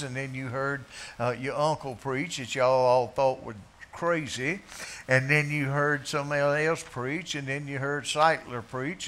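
A man preaching a sermon in a bar, swinging from quiet asides to loud, drawn-out scripture quotes. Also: medium pitch, slight background noise.

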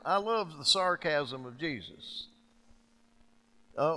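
A male preacher delivers a sermon with a bright, slightly raised voice. He acts out quoted speech and swings dramatically from loud outbursts to hushed, soft lines. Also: on the high side, slow pace, pauses often.

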